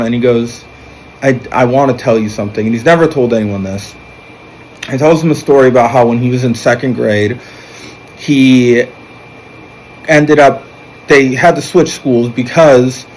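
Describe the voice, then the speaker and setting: A man's voice: mid-range voice, a little hiss or hum, rough recording. Man casually retelling a movie plot. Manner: rambling storytelling, animated when quoting characters. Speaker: movie reviewer. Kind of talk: casual film plot recap.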